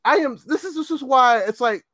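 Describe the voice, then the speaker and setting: Brief: high-voiced, lively, swearing man in his fifties, close and dry. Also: normal speed, no room sound. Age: 50s. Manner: animated, profane, laughing storyteller. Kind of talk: casual storytelling chat.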